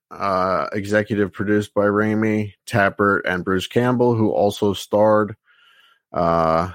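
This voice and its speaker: A man's voice: lowish voice, dry recording. A man co-hosting a live podcast, reading out movie facts with a lot of "uh" fillers. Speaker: podcast co-host. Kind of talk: casual live podcast chat.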